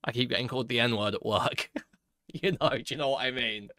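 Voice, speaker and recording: A man's voice: medium pitch, fairly quick, pushed and bright, no echo, clean studio sound. A man reacting to a clip with mocking, crude commentary and frequent laughs. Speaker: commentary host.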